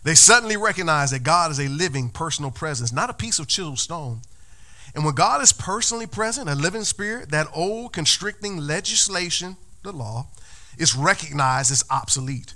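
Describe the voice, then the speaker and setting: Male pastor mid-sermon: animated, bright, stutter-starts on repeats. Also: fairly high pitch, a little fast. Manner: animated, repeats words while building up.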